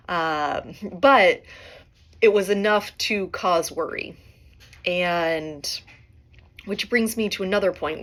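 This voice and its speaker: A woman's voice: lowish voice, fairly bright tone. A middle-aged woman hosting a podcast, musing aloud in a rambling solo monologue and often tagging her points with "right?". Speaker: podcast host.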